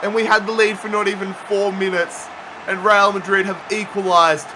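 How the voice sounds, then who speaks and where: A man commentating his own football video game match, muttering through tense play and yelling at big moments. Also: high-pitched, flat delivery, moderate pace, noisy background. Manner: swings from muttering to shouting at goals. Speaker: gaming YouTuber. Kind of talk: excited play-by-play gaming commentary.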